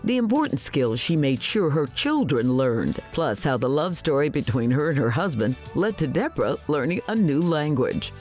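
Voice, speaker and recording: Expressive woman TV interview host. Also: low voice, moderate pace, hardly any pauses, soft background music. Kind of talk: broadcast interview and narration.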